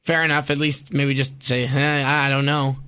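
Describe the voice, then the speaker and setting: A man from Canada co-hosting a sports podcast, chatting casually in animated bursts with quick asides. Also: mid-range voice, clear, resonant tone. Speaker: podcast co-host.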